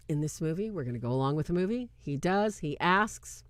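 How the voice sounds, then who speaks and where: A woman hosting a casual film review, with a voice of ordinary pitch for a woman. Her delivery is animated and incredulous, and her pitch often jumps up when something strikes her as absurd. The sound is dry and close, with no room echo. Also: fairly quick, few pauses. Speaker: video host. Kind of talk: casual movie review commentary.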